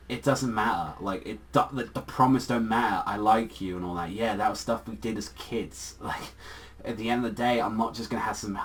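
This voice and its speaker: A man's voice: lowish voice, fairly bright tone. A young man casually reviewing a manga chapter, rambling through fillers and swearing freely as he gushes. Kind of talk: casual spoken video review. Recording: far from the mic, faint music behind.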